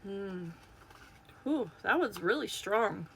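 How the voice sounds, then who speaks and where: Gushing woman with a gravelly voice. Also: mid-range voice, takes it slowly, a little hiss or hum. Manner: gushing, excitable, talks to viewers. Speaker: vlogger unboxing toys. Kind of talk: casual unboxing chat. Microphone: phone.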